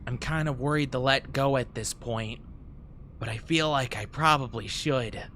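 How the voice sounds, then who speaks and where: A giggly streamer talks through a game with an even, middling voice. They laugh at their own slip-ups and thank chat as they go. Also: mid-range voice, normal speed, slight background noise. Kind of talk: casual gameplay commentary.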